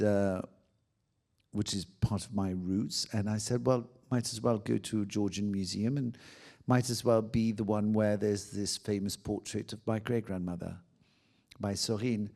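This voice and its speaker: A man's voice: fairly low pitch, gravelly. A middle-aged man with a French accent, telling a personal story in a casual conversation and acting out the lines of the people in it. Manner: animated anecdote telling with acted-out quotes. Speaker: guest.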